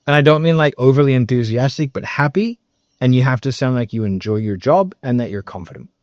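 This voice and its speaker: Lockerer Australier, der Verkauf erklärt, dumpfer Klang. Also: male voice, mid-range voice, a little fast, darkish tone, no room sound. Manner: emphatic, loose, swears, many fillers and tag questions. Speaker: sales coach. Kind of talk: casual coaching talk. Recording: dull, slightly muffled recording.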